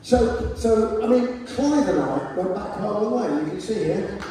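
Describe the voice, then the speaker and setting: A man's voice: sits high, lively intonation, normal speed. A man performing wry, self-mocking comic stories on a theater stage, recorded from the front row. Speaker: spoken word performer. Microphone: camera in the front row of the audience. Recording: distant echoey theater hall, crowd noise.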